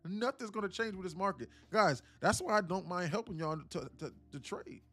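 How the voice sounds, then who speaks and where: A man's voice: sits high, expressive, normal speed, fairly bright tone, no room sound, soft background music. A man coaching viewers on a live stream about trading. He talks bluntly, swears casually and keeps calling out to his audience.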